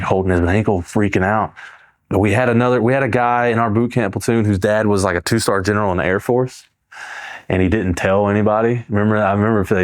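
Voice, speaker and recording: A man in his forties, a Marine veteran from South Carolina, telling boot camp stories in a casual, rambling way, full of fillers like "like" and "bro". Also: deep voice. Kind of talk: casual storytelling.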